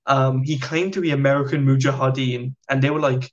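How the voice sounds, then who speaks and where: A British man, a podcast guest, telling stories in a chatty, animated way. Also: medium pitch, fairly quick, dull audio. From Britain. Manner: chatty, animated anecdotes with slang. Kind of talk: casual storytelling.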